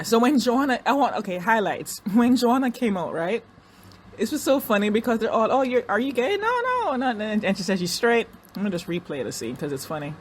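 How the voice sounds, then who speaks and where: A woman casually reviewing a reality dating show, chatty and animated, restarting sentences and doing mocking impressions. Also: mid-range voice, slight background noise. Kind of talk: casual recap commentary.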